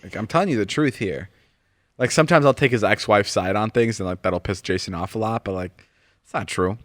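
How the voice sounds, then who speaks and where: Lively swearing man telling stories. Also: lowish voice, fairly quick, no room sound, clean studio sound. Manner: animated storytelling, swears a lot. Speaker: podcast host. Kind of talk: casual chat.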